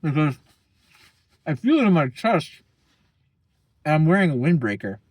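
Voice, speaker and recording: A man's voice: a little high, sing-song, normal speed, darkish tone, slightly rough, no echo. Slangy young man, dry close sound. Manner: slangy, profane, rambling, keeps saying bro. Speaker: vlogger. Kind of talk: casual rambling chat.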